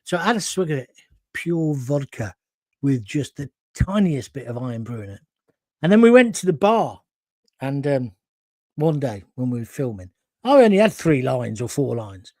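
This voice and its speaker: A man's voice: mid-range voice, sing-song, moderate pace, darkish tone, no echo. A man hosting a live talk show, reading out viewer comments and rambling through anecdotes on a close mic. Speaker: host.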